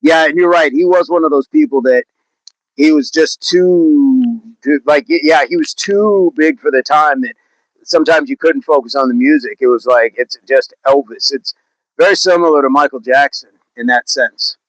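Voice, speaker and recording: A man's voice: a little high, moderate pace, no echo, low-quality recording. A man from Oklahoma chatting casually on a livestream, reading viewer comments, laughing and talking about music and movies. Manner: chatty, laughs often, slips into put-on accents. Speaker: livestream host.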